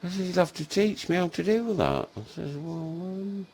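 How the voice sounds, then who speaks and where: A man's voice: sits high, lively intonation, normal speed, a little mellow, a little hiss or hum. An older man tells a rambling comic anecdote, swearing constantly, acting out both sides of the dialogue and laughing often.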